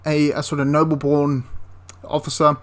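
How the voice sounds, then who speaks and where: A man's voice: a little high, completely flat delivery, moderate pace. Enthusiastic rambling man reviewing a game. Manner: enthusiastic, rambling with restarts and asides. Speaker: wargaming reviewer. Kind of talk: casual spoken review.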